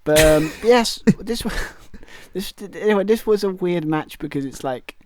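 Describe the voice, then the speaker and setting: A man's voice: high voice, lively intonation, normal speed, background noise. A British man co-hosting a wrestling podcast, rambling casually with lots of restarts and fillers. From Britain. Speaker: podcast co-host. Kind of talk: casual chat.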